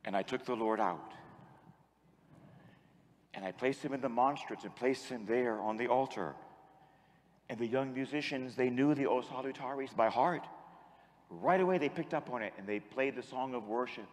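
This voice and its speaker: A man's voice: mid-range voice, moderate pace, pauses often, big-room sound. A man, a priest, preaching a sermon and telling a story, then leading the congregation in call-and-response. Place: large church with long echo.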